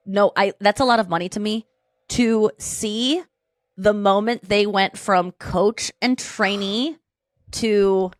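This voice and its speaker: A woman's voice: mid-range voice, slow pace, no echo, studio quality. A woman hosting a podcast, chatting casually and retelling a story in a rambling way, with plenty of restarts. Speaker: podcast host. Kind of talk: casual chat.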